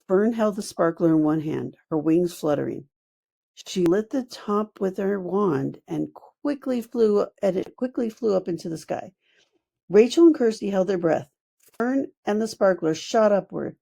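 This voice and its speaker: A woman narrating a children's book read-aloud in an expressive storytelling manner. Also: medium pitch, vocal fry.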